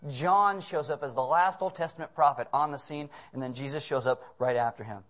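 Jokey, animated male preacher. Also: medium pitch, fairly quick. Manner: jokey, animated, casual asides. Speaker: pastor. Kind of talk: comedic sermon.

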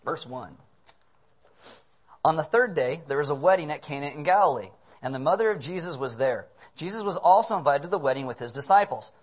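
A man's voice: on the high side, fairly quick. A man preaching a sermon as pastor, telling stories with humor and acting out the voices. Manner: humorous, animated storytelling with acted voices.

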